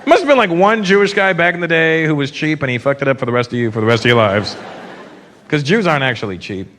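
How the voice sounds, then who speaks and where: A man doing a stand-up comedy routine on a live stage, animated and slipping into mocking impressions. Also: on the high side, quick pace. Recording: live show with loud audience and noise.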